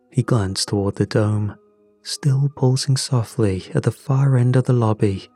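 A man narrating a first-person thriller story in a measured, tense, deliberate way. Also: mid-range voice, mellow, husky. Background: faint music.

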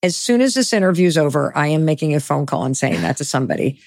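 A woman's voice: sits low, animated, quick pace, a little mellow, no echo, clean studio sound. A woman hosting an interview, reacting candidly and sharing personal experiences. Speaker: interview host. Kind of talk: interview conversation.

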